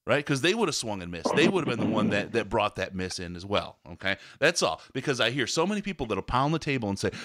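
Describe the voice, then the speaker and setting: A man's voice: lowish voice, very animated, fast, few pauses, fairly bright tone, a little hiss or hum. A man hosting a sports podcast, ranting angrily and swearing as he breaks down a loss. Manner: angry, profane ranting. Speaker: podcast host. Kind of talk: heated postgame sports talk.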